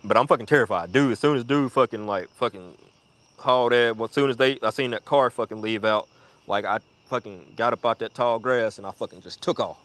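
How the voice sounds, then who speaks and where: Profane man rambling through a story. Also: fairly quick. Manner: profane, rambling, acts out quoted voices in a high pitch; drops to a hushed mutter when reflecting. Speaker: storyteller on a live audio chat. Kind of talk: casual storytelling.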